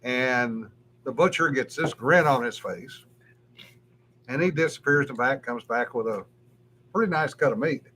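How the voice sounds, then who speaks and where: A man's voice: mid-range voice, normal speed, pauses often, pushed and bright, slight background noise. A man telling a story in casual chat as a podcast co-host, easygoing and chuckling often.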